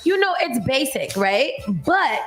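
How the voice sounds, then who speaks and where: A woman's voice: sits high, very animated, a little slow, a bit bright, soft background music. A woman hosting a morning radio show, chatting in a playful, agreeable way. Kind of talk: casual radio chat. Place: radio studio.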